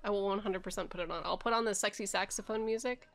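A woman's voice: medium pitch, steady tone, fast talker, loud music behind the voice. Giggly woman streaming a game. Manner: giggly and chatty, laughs often. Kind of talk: casual live-stream chat.

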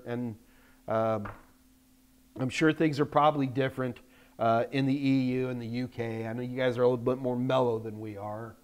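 An older man hosting a live question-and-answer stream, talking bluntly and emphatically and getting loud when frustrated. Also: mid-range voice. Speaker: host answering viewer questions. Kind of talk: live Q&A chat. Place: Texas, United States.

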